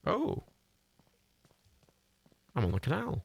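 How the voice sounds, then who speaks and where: A man giving sweary, excitable, rambling commentary while streaming a game live. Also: mid-range voice, fairly quick, vocal fry, no echo.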